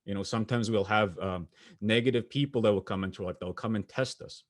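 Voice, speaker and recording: A young adult man from Canada giving a motivational keynote, telling personal stories in an earnest, pausing way with small restarts. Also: fairly low pitch. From Sweetgrass First Nation, Saskatchewan, Canada. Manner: earnest storytelling with pauses and restarts. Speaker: motivational speaker. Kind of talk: keynote speech.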